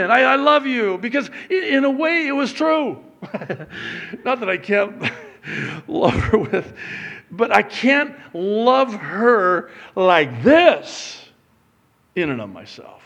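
A middle-aged man preaching a sermon, moving between loud emphatic lines and quiet asides. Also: slow, vocal fry. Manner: animated, swings from loud preaching to low asides. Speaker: pastor.

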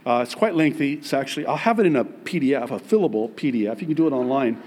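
A pastor in his forties preaching a sermon in a church, emphatic and joking, with big swings in pitch. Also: animated, quick pace, darkish tone.

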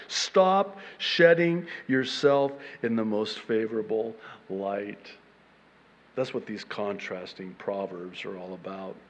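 A man preaching a sermon on proverbs, animated and self-deprecating, often restarting his sentences. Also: lowish voice, takes it slowly, in a large hall, lo-fi sound. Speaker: pastor.

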